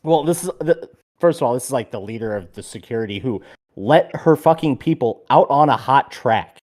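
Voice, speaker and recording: A man's voice: mid-range voice, brisk. Podcast co-host, male, casual storyteller with a lot of swearing. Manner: animated storyteller, swears freely.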